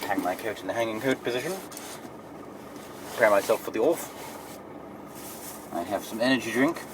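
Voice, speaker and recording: A man's voice: fairly low pitch, normal speed. A man with an English accent, a truck driver vlogging from his cab, dry and sarcastic, grumbling to himself as he drives. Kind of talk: casual driving vlog. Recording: loud engine and road noise. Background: truck engine and traffic.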